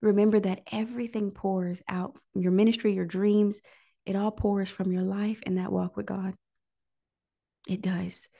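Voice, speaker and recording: A woman hosting a prayer livestream, preaching in an emotional, near-tearful way and pausing often to listen. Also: mid-range voice, level tone, gravelly, dark tone. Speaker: host of a prayer call livestream. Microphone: livestream microphone.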